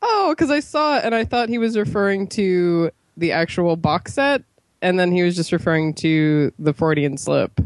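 A woman's voice: fairly low pitch, normal speed, dry recording. Wry female podcast co-host, recovering from illness, wheezy laugh, recorded dry. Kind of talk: casual movie podcast chat.

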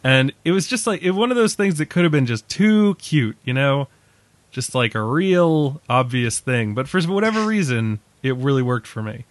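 A man chatting candidly about a film, loose in his phrasing and casual enough to swear now and then. His voice sits at a middle pitch and is recorded dry and close. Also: lively intonation, moderate pace, dry recording.

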